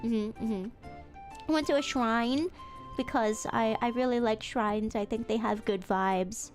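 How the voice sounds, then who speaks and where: A woman streamer chats to her viewers with a high, bright-pitched voice. She tells her stories animatedly, laughing often and restarting her sentences. Faint music plays behind her. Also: a little slow. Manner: animated storytelling with frequent laughter; self-repeating, stumbling restarts. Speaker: VTuber streamer. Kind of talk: casual chat stream.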